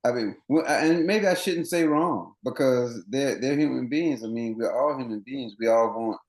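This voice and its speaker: A man's voice: mid-range voice, normal speed. Earnest man coach, roomy sound. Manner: earnest, explains at length with many restarts. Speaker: running coach, guest. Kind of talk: podcast interview.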